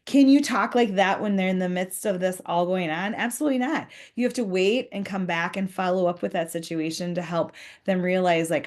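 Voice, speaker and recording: A woman's voice: on the low side, brisk, few pauses, a little mellow. A woman giving a conversational professional development talk to school leaders, earnest, acting out short example dialogues.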